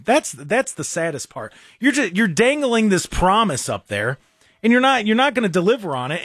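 Ranting talk radio host, dry studio sound. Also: male voice, high voice, normal speed, no room sound. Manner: animated, exasperated ranting with frequent restarts.

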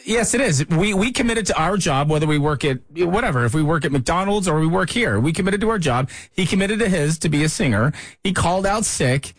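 A man's voice: on the high side, lively intonation, brisk, no echo. A man co-hosting a casual chat, arguing his point in slangy, insistent talk. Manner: argumentative, slangy, talks over others. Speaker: co-host.

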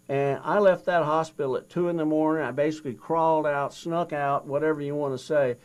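Older guy on an interview, telling his story, does both voices in the dialogue, kinda high voice. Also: a little fast, hardly any pauses. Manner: animated retelling, acts out both sides of a dialogue. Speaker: guest.

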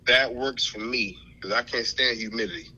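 Man calling in, very bright tone, easygoing, comes through a phone line on the radio. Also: medium pitch, normal speed. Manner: relaxed, easygoing talk. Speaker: guest comedian. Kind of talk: phone interview.

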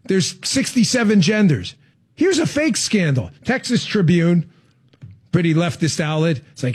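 A man's voice: high voice, normal speed, slightly rough. A man hosting a political talk show, riffing with heavy sarcasm and mock outrage. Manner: animated, sarcastic, mocking.

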